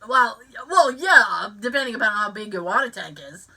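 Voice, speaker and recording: A young woman chatting casually on a podcast, telling giggly, animated stories full of restarts. Her voice is very bright, with pitch that rises and falls widely, and she sits a little back from the mic. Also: moderate pace, vocal fry, recorded from a distance. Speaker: podcast co-host. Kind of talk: casual chat.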